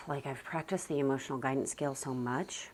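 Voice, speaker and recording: A woman who homeschools her children, talking casually to the camera in a calm, soft-spoken and reflective way, with sighs and a lot of "like". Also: a bass voice, a little fast, a little hiss or hum. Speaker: homeschooling mother and parenting vlogger.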